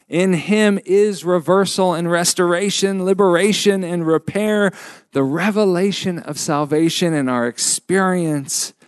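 A man preaching a sermon as a pastor, measured and emphatic with frequent pauses. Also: a little high, dry recording, clean studio sound.

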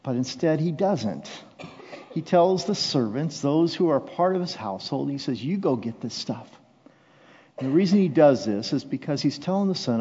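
A man preaching a sermon as pastor, shifting from hushed, intimate lines to loud, impassioned declarations. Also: on the high side, animated, moderate pace, breathy edge. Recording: dull sound with long hall reverb.

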